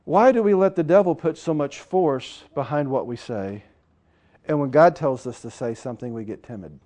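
A man preaching a sermon with passion, swinging between loud urging and hushed, quieter asides. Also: mid-range voice, normal speed.

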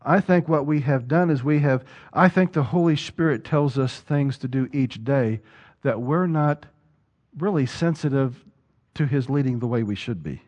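A man's voice: mid-range voice, normal speed, a little mellow, dull audio. A male pastor preaching a sermon, putting rhetorical questions to the congregation and repeating words as he drives a point home.

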